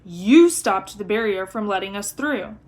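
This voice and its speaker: Young schoolboy hero, read by a woman; earnest, sharp when annoyed. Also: mid-range voice, animated, measured pace, close to an everyday voice. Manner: earnest, sometimes fierce.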